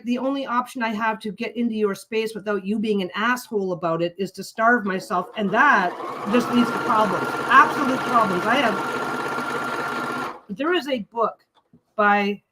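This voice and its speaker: A woman with a slightly high voice rants at normal speed against a noisy background. She's sewing while hosting a casual livestream, and her talk is blunt and full of swearing.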